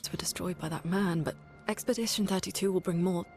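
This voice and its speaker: An actress voicing a shaken young woman scholar in a video game who clings to the plan in a flat, numbed way. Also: on the low side, brisk, close to an everyday voice. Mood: dazed, fixated. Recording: game audio with music underneath.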